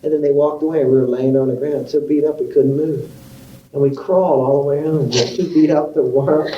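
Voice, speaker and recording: A man's voice: fairly high pitch, fairly even intonation, fairly quick, roomy sound, recorded from a distance, dull audio, slight background noise. A man being interviewed, telling rambling stories about his youth and acting out other people's voices.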